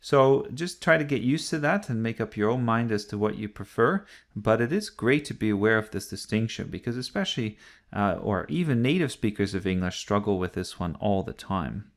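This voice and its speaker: A man's voice: lowish voice, lively intonation, moderate pace. A man teaching an English grammar lesson, explaining patiently step by step and repeating key points.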